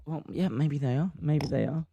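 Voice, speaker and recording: A man with a British accent hosting a live podcast stream, chatting in an animated, jokey, playful way. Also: on the high side, normal speed, gravelly, muffled recording. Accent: British English. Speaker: podcast host. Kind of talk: casual live-stream chat.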